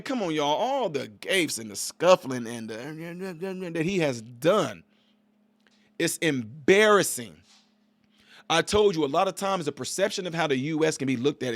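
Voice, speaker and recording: A man's voice: on the high side, dry recording. A man hosting his own channel, giving emphatic political commentary straight to his viewers and closing with a sermon-like blessing. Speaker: channel host.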